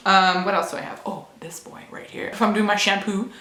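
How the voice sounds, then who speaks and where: A woman's voice: mid-range voice, fairly even intonation, fairly quick, bright, forceful tone, a little hiss or hum. A young woman vlogging casually to camera at home, candid and chatty, with playful sound effects. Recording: echoey room.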